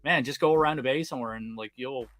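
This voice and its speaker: A man in his thirties with a Newfoundland accent, hosting a casual livestream chat, talking fast with lots of slang and laughing often. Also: medium pitch, fairly bright tone, no echo. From Newfoundland, Canada. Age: 30s. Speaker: livestream host.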